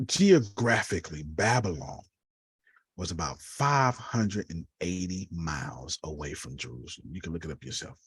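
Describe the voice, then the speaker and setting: A man, teaching a lively, preachy Bible lesson over a video call and calling on listeners by name. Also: deep voice, normal speed, husky, no room sound. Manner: uses Black church phrasing.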